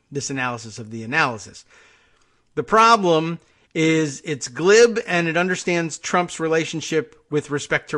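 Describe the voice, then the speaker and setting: A man's voice: medium pitch, bright, forceful tone. A man hosting a call-in talk show, rambling wryly through the news with restarts and asides. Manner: rambling, wry, stumbles over names and restarts. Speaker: podcast host. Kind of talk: casual talk show monologue.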